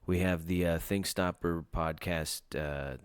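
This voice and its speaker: A man's voice: sits low, steady tone, a little slow, clear, resonant tone. A man hosting a casual podcast, rambling loosely with lots of hesitations. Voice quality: rambling, lots of fillers and restarts. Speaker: podcast host.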